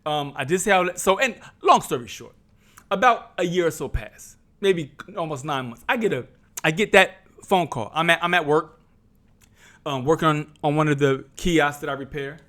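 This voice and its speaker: A man's voice: a little high, lively intonation, normal speed, a bit bright. A middle-aged man from New Jersey telling a personal story to his viewers like a sermon, calling them brothers and sisters, repeating himself and acting out what people said. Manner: repeats and restarts, acts out quoted voices. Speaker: vlogger.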